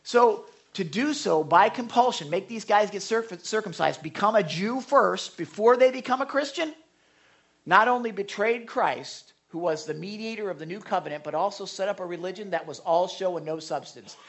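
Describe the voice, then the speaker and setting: A man preaching a sermon in a relaxed, conversational way, breaking into animated asides as he acts out quotes. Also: sits high, normal speed. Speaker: pastor.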